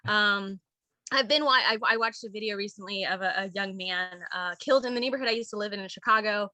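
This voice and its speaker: A woman's voice: medium pitch, fast, bright, forceful tone, no room sound. A woman performing a stand-up comedy set, rambling candidly and laughing at her own jokes. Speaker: stand-up comic.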